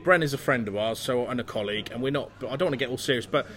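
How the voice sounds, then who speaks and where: A man who works in local radio, a guest chatting about football in a pub, animated and full of restarts. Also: mid-range voice, very fast, faint music behind. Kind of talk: casual panel chat.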